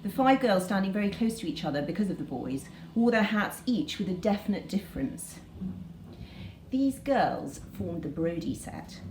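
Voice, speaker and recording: A woman's voice: medium pitch, very animated, moderate pace, a little mellow, roomy sound, a little hiss or hum, low-quality recording. A woman teacher reading a novel passage aloud to students, then chatting about it with many hesitations. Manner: hesitant, many ums between points.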